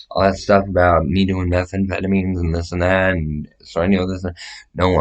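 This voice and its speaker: A man talking straight to the camera in a rambling, profane monologue that wanders from topic to topic and swears freely. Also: low-pitched. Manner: profane, meandering, gestures while describing sizes.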